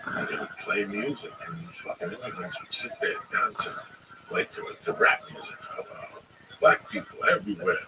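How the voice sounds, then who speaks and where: A man's voice: on the low side, expressive, moderate pace. A middle-aged man telling long, profane, rambling stories to friends in a casual livestream. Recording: distant mic with loud background noise.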